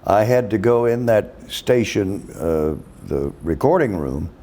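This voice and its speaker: An older man from Texas, telling stories in a folksy, unhurried way as host of a casual chat. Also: on the low side, lively intonation, warm tone.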